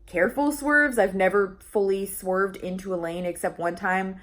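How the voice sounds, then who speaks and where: A woman's voice: mid-range voice, steady tone, normal speed. A young woman talking casually in a vlog, chatty and full of restarts and fillers, laughing often. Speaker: vlogger.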